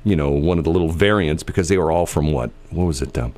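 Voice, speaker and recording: A man's voice: rumbling low, fast talker, darkish tone. A middle-aged man from the American Midwest chatting casually, rambling through stories with many fillers and restarts.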